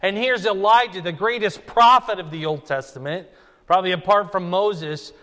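Pastor teaching in a reverberant hall. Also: male voice, high voice, normal speed, sharp tone. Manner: conversational, emphatic, rising for stress. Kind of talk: expository Bible teaching sermon.

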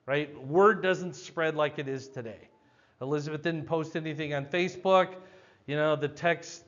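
An older man teaching a Bible passage verse by verse, with a loud, emphatic, explanatory delivery. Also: a little high, dull audio.

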